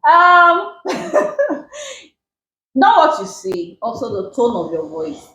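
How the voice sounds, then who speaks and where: A Nigerian woman gives relationship advice in a high, lively voice that swoops up and down as she hammers each point home. She repeats herself for emphasis, and the room around her is echoey. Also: slow. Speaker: relationship guest. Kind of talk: advice talk show chat. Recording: roomy echo.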